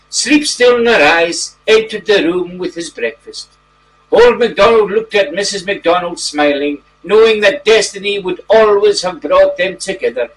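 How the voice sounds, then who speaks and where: A man playing a genteel titled gentleman reading a mock bedtime story to children in a gentle, drawn-out way. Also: high-pitched. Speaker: storybook reader. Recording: distant mic, faint background noise.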